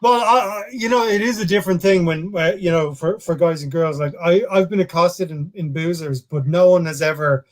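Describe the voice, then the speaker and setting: Joking Irish man, slightly high voice. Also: a little fast, few pauses. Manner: joking, self-mocking, stumbling restarts. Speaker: podcast co-host. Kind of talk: casual comedy chat.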